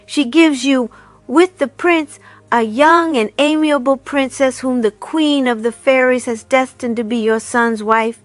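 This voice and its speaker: A woman's voice: sits high, a little slow, dry recording. A woman voicing a stately old female fairy who speaks in a solemn, proclaiming way.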